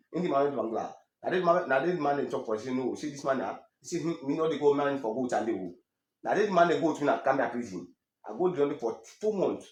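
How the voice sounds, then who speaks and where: A man with a Sierra Leonean Krio accent giving a halting, emotional personal testimony, stammering through restarts and growing animated when he quotes others. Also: mid-range voice, roomy sound. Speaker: interviewee telling his story.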